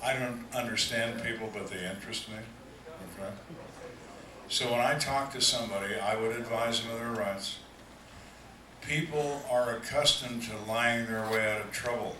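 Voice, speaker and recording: A man's voice: mid-range voice, steady tone, normal speed, distant mic, noisy background. Older man telling a story in an echoey hall. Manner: dry, plainspoken storyteller acting out quoted voices. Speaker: retired homicide detective speaking to fans. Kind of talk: storytelling Q&A talk. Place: large hall on a cruise ship.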